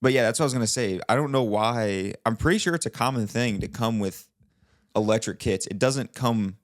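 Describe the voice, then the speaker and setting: Young man, podcast co-host, casual chat, animated, restarts sentences, middle pitch. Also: brisk, dry recording, clean studio sound. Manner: animated, restarts mid-sentence, critiquing a church band clip.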